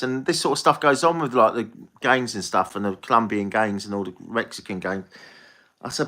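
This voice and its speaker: A man's voice: fairly low pitch, fairly quick, bright, forceful tone. An English man chatting casually on a live stream as a tarot reader, rambling and swearing freely.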